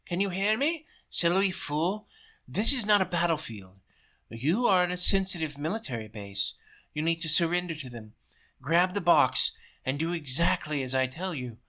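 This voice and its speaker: A man's voice: a little high, animated, moderate pace, pushed and bright. A man voicing a scheming male propaganda minister who rants and schemes. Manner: shrieking, ranting fury.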